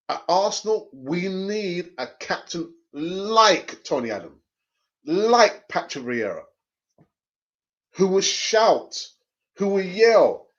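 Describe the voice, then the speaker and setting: On a live fan stream with dull, lo-fi sound, a high-voiced man reads out viewer comments and passionately defends his views. He frequently repeats phrases to drive his points home.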